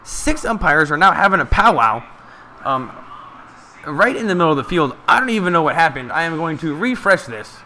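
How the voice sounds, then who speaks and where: A man giving casual, excited live play-by-play of a ball game from a stream, chatting to his viewers. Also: fairly high pitch, normal speed, a little hiss or hum.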